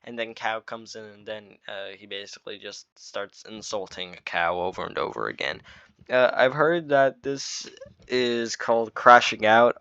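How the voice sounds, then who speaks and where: A man's voice: lowish voice, fairly bright tone, smooth, no echo. A man giving casual commentary on his own video, rambling with lots of fillers and restarts. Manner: rambling, filler-heavy explaining. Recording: dull dry lo-fi mic.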